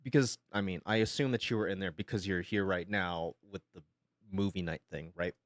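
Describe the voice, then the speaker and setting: A man's voice: low voice, brisk, no echo, clean studio sound. A young man chatting casually on a live stream from his home setup, rambling, swearing freely and laughing often.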